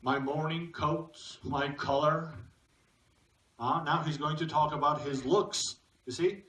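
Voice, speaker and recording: A man's voice: a little high, steady tone, slow pace, fairly bright tone, distant mic. Man with lecturing in echoey hall. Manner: reads poem lines aloud and comments, asks the audience questions. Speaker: literature lecturer. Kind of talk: lecture to a live audience. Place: cinema hall.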